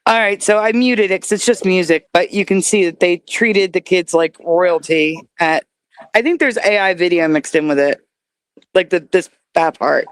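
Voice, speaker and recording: A woman's voice: lowish voice, normal speed, dry recording. A woman hosting a live stream, chatting casually and skeptically while reading viewer comments aloud. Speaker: host reacting to videos.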